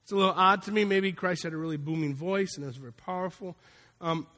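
A man's voice: sits high, fast, sharp tone. A man preaching a sermon in a conversational, folksy way, acting out little asides as he goes. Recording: long hall reverb.

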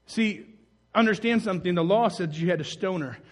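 Animated high-voiced male preacher. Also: brisk. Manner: animated, acts out the story in voices, rises loud then drops soft. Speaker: pastor. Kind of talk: sermon.

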